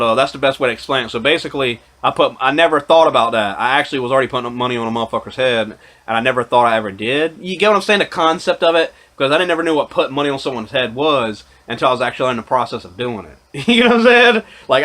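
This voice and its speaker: A man's voice: medium pitch, very fast, hardly any pauses, fairly bright tone. A man vlogging, telling a long rambling story to camera, swearing often and restarting his sentences. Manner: profane, rambling, many fillers and restarts.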